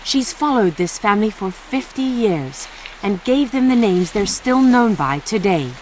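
A woman's voice: mid-range voice, lively intonation, a little slow, darkish tone, slight background noise. A woman working as a TV correspondent, giving scripted narration and asking short interview questions.

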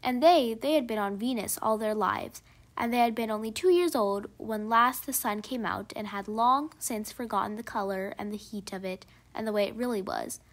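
Woman narrator, storybook reading, fairly high voice, measured, expressive.

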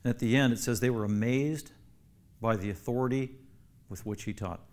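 A man's voice: mid-range voice, moderate pace, darkish tone. A man, a pastor, teaching a Bible class, emphatic and repeating key phrases for stress while asking the class questions.

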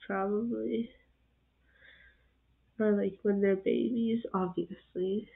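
A woman hosting a reaction video, cooing softly over cute animals and chatting casually, sometimes dropping to a whisper. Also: mid-range voice, wildly swooping pitch, extremely slow, creaky, long pauses. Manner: soft-spoken, drops to whispers at times. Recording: tinny phone-like sound.

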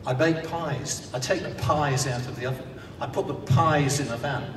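A man voicing a plodding, literal-minded male pie seller who states the obvious, in an echoey hall from a distance with rumbling noise. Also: moderate pace, close to an everyday voice. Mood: deadpan. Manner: flat and overly literal, stating the obvious.

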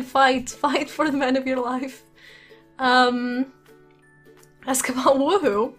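A woman's voice: high-pitched, a bit bright. Giggly young woman narrating a life sim. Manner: giggly, chatty, laughs often; talks to game characters and viewers. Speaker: gaming channel host. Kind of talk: casual let's-play commentary. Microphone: desk condenser mic.

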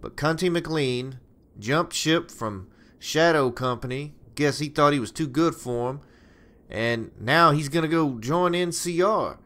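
A man's voice: a little high, measured pace, fairly bright tone. A man doing a drawling, crude mercenary boss. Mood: folksy. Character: folksy male mercenary boss giving contracts.

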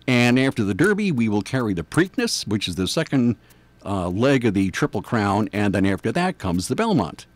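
A man's voice: lowish voice, very animated, moderate pace, no room sound. An older man from New York with a New York accent, hosting a morning radio show in a rambling, chatty, self-deprecating way. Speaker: radio host. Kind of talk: casual morning radio chat.

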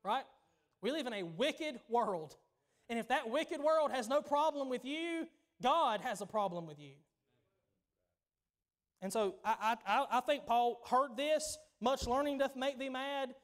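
A man's voice: very high voice, lively intonation, measured pace, fairly bright tone. A male pastor with a Southern US accent preaching a sermon in church, emphatic and conversational, often repeating himself as he talks.

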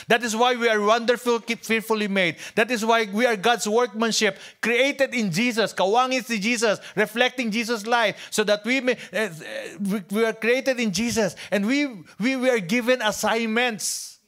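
A male pastor with a Filipino accent preaching a sermon. He swings from hushed near-whispers to loud, emphatic lines, and he often repeats and restarts phrases. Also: high voice, normal speed, few pauses.

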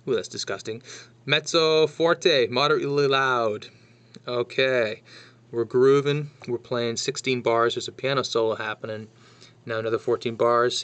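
A man teaching how to read a drum chart in a casual lesson, talking through it bar by bar and counting rhythms out loud. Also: mid-range voice. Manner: chatty, counts rhythms aloud, thinks out loud. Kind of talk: casual music lesson walkthrough.

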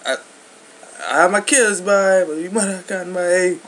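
A man's voice: sits high, fairly even intonation, moderate pace, a bit bright. A man in a comedic slang banter skit, rambling and laughing as he repeats "boy" and "Jed".

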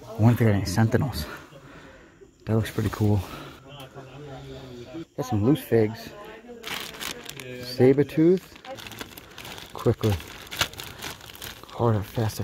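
A man who collects toys, giving casual running commentary with quick, blunt verdicts and casual swearing while shopping in a toy store. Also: fairly low pitch, a crowd in the background. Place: busy toy store, indoors. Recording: crowded store noise behind.

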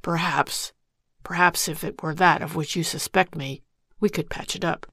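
Frightened husband on the run, hurried and halting, read by a woman with a low, gravelly tone. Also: steady tone, fairly bright tone, no echo, clean studio sound, exaggerated voice. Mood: desperate. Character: desperate middle-aged husband in trouble.

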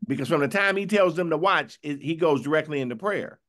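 A bishop preaching a Bible study sermon in a conversational, questioning way, often asking "right?" and reading scripture slowly. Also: male voice, a little high, a bit bright. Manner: conversational, questioning, tag "right?" after points; reads scripture slowly and drawn out.

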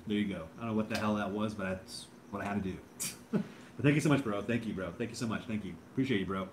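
Laid-back male livestream host, lowish voice, faint crickets behind. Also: quick pace, a little hiss or hum. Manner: laid-back, rambling, says bro and dude a lot. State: drinking beer. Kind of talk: casual livestream chat.

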